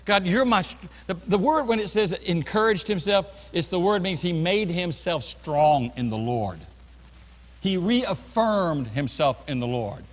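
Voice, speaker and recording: A pastor with a high-pitched voice preaches a sermon in a church sanctuary, his words echoing with long hall reverb. Expressive and a little slow, he lurches from sudden loud, emphatic bursts down to hushed, lower passages.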